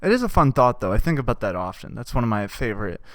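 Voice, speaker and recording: Rambling young man, smooth dry voice. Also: medium pitch, quick pace, dry recording. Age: young adult. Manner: deadpan, absurd, with many "right?" asides. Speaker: podcast host. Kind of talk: rambling comic monologue.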